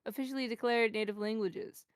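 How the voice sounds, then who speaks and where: An American woman hosting a casual chat, playful and quick to react with surprise. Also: fairly high pitch, fairly even intonation, clean tone, no room sound, studio quality. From United States. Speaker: host.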